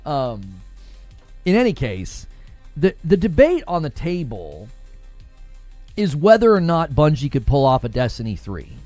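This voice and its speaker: A man hosting a casual gaming livestream, animated and laughing often as he reads and answers chat. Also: on the high side, measured pace, pauses often, dry recording, soft background music.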